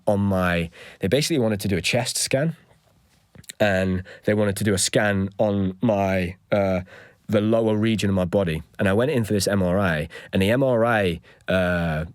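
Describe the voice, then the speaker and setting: A man's voice: on the low side, no echo. Dry-sounding man telling a story. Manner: animated retelling with rising agitation. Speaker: podcast host. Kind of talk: solo storytelling.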